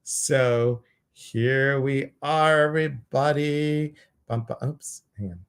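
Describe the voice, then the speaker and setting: Casting: male live-stream host, gushing, rambly, lots of ums, mid-pitched. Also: slow, clear, resonant tone. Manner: effusive, rambling, frequent fillers. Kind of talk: casual live-stream chat.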